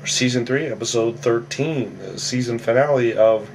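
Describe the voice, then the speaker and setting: A man giving a casual, rambling episode recap, often tacking on "on that" and acting out quoted lines in a higher, louder voice. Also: moderate pace, vocal fry, far from the mic. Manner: rambling, with a habit of "on that". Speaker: reality TV recap vlogger.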